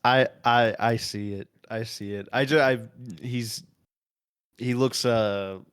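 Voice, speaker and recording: A man's voice: medium pitch, steady tone, takes it slowly, fairly bright tone, clean tone, dry recording, clean studio sound. A young man co-hosting a podcast, chatting casually and hesitantly, often restarting his sentences. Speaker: podcast co-host. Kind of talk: casual film-review chat.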